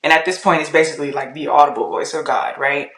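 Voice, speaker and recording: A woman tells her faith story on a podcast with lively storytelling energy, acting out her inner voice. Her voice sits on the lower side, and the room around her sounds echoey. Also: fast talker. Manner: animated storytelling, laughs often, acts out her inner voice. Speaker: podcast guest. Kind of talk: casual testimony.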